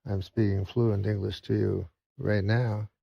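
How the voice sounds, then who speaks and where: A man doing a quiet dignified old shopkeeper. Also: lowish voice, flat delivery, measured pace, creaky, husky, no echo, highs cut off, heavily acted. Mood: polite. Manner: soft, restrained. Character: quiet dignified old Mexican bookstore owner.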